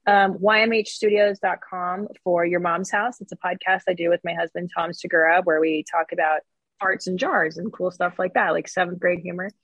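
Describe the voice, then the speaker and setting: A woman's voice: lowish voice, steady tone, moderate pace, fairly bright tone, breathy edge, dry recording, poor audio. Joking sarcastic woman comedian, dry sound. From Canada. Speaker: comedian guest. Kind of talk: casual interview chat.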